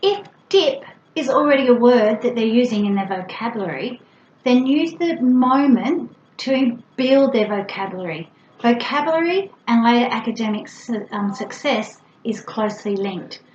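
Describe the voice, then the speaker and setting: A middle-aged woman who works as a speech pathologist patiently explains things to parents, breaking into exaggerated, playful sound demonstrations. Her voice is on the high side, animated and darkish, at a moderate pace, with slight background noise in a roomy, somewhat dull space with faint ambience.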